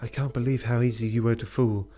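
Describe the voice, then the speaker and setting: A man's voice: mid-range voice, fairly even intonation, fast talker, warm tone, faint music behind, natural voice. A man voicing a scheming noblewoman who talks in a mocking, contemptuous way. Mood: scornful.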